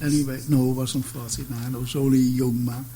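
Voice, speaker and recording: A man's voice: mid-range voice, flat delivery, quick pace, mellow, slight background noise, low-quality recording. A man hosting a radio chat show, jokey and chatty, telling his own stories. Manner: jokey, chatty, breaks in eagerly.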